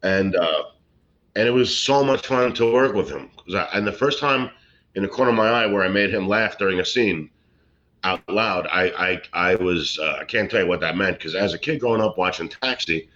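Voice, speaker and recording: A middle-aged man, a comedian telling rambling stories and deadpan jokes in a casual interview. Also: deep voice, moderate pace. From Brooklyn, New York. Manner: rambling, joking, deadpan punchlines. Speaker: guest, comedian and actor. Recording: slightly muffled lo-fi recording.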